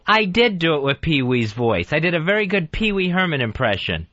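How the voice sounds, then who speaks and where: A man co-hosting a talk radio show, giddy and quick to laugh in casual banter. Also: fairly high pitch, sing-song, pushed and bright. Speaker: radio co-host. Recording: dull lo-fi radio broadcast.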